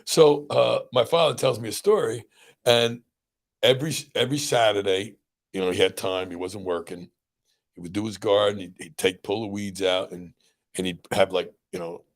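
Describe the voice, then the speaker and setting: Gravelly man in his sixties telling stories. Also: lowish voice, fairly even intonation, normal speed. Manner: rambling, laughs while telling stories. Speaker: podcast host, doctor. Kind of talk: casual storytelling.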